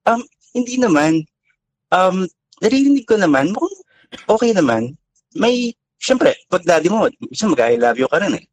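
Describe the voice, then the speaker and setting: A man's voice: high voice, big pitch swings, normal speed, pauses often, dry recording, rough recording. A man telling a personal story in a casual chat, hesitant and full of fillers.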